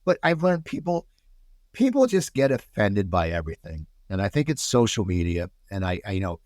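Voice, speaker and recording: An American man, a podcast guest, chatting casually and telling animated stories full of restarts. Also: on the low side, normal speed, no room sound, studio quality. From United States. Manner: animated storyteller, many restarts.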